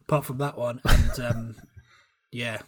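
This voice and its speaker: A man on a football podcast, telling stories in a rambling, animated way with lots of fillers. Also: mid-range voice, slow pace. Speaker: podcast panelist. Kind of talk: casual football chat.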